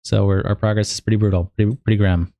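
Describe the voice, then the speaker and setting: A man's voice: on the low side, flat delivery, fast talker, mellow, no echo, studio quality. A young man hosting a livestream in a loose, casual way, cursing freely as he catches viewers up on progress. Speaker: livestream host.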